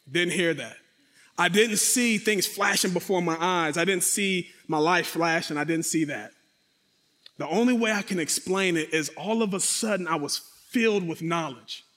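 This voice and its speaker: A man telling a dramatic personal testimony, speaking directly to his audience and acting out sound effects. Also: high-pitched. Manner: animated, acts out sound effects and quotes. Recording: long reverberant hall.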